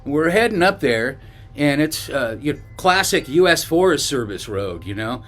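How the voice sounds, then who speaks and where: A man's voice: on the high side, very animated, unhurried, fairly bright tone, soft background music. A man from northern California, a bikepacking vlogger, telling a story to camera in a loose, rambling way with restarts and asides.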